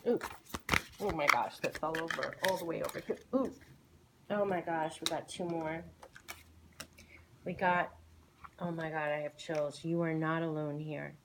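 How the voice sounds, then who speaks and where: In a monologue full of long pauses, an oracle and tarot reader speaks in a low, steady, unhurried voice. She is gushing and soothing, often repeating herself, while heavy background noise and the sound of shuffling cards fill the clip.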